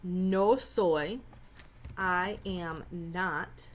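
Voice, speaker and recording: A woman's voice: fairly low pitch, drawn-out words. A woman teacher explaining a Spanish reading step by step, with chatty joking asides. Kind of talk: recorded lesson walkthrough.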